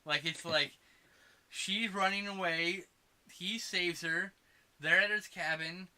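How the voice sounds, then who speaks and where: A man co-hosting a podcast, chatting casually about a movie, excitable and quick to swear and laugh. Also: high voice. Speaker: podcast co-host. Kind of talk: casual movie review chat.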